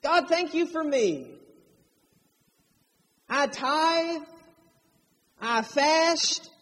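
A man's voice: extremely high pitch, lively intonation, extremely slow, fairly bright tone, pitched above the performer's own voice, exaggerated voice. A man voicing a smug, self-righteous male religious leader boasting in prayer. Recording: long hall reverb.

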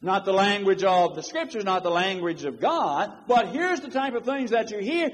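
Emphatic high-voiced preacher in a hall. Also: male voice, lively intonation, moderate pace, few pauses, slightly rough. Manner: emphatic, quotes scripture in old-fashioned wording. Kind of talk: sermon. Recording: long reverb of a large hall.

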